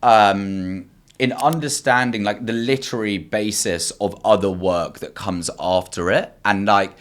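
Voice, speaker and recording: A man's voice: on the low side, measured pace. A young man, a podcast guest chatting casually, enthusiastic and rambling with many fillers. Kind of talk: casual chat.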